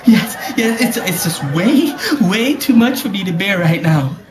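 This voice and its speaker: A man's voice: high-pitched, lively intonation, a little slow, pitched above the performer's own voice. A man doing a breathless, weepy superfan. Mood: gushing, distraught. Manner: breathless, dramatic, laughing through lines. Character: gushing, tearful young male superfan. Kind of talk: comedic prank-call impression. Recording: echoey room with clear noise.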